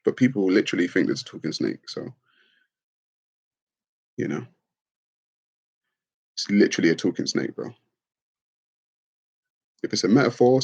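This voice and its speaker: A middle-aged man, casually chatting on a livestream and reading out comments, laid-back and quick to laugh. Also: sits low, gravelly, darkish tone, husky. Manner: laid-back, laughs often, calls people bro. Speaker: livestream host. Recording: dull lo-fi stream audio.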